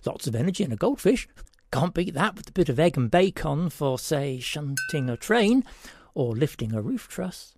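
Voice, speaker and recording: A man's voice: on the high side, big pitch swings, moderate pace, slight background noise. A man doing a blustering odd professor. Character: odd, pompous male professor.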